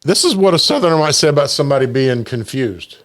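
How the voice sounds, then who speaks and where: A man co-hosting a relaxed podcast at a medium pitch. He is easygoing, laughs often, and trips over the sayings he tries to quote. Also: fast. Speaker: podcast co-host. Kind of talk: casual chat.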